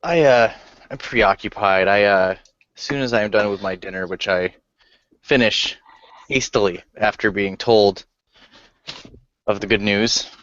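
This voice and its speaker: Low-voiced man playing a tabletop game. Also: fairly bright tone, no room sound. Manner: halting, slow-building narration. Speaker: player. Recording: dry, dull lo-fi sound.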